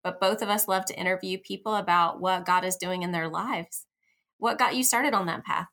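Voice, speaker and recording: A woman's voice: fairly low pitch, moderate pace. A woman hosting a faith podcast, asking questions with enthusiasm and easy laughter. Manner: warm, enthusiastic, laughs easily. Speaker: podcast host. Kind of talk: conversational interview.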